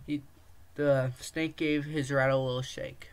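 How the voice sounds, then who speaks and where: A man's voice: mid-range voice, flat delivery, a little slow, clean tone. A man reading a long story aloud in a casual manner, with small slips and restarts. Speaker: story reader. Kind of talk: casual read-aloud narration.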